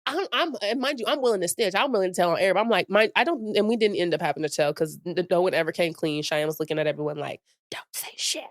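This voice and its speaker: Low-pitched woman in her late twenties, podcast co-host, casual storyteller, dry close sound. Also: very fast, few pauses, dry recording. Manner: animated, acts out quotes with big pitch jumps and laughter.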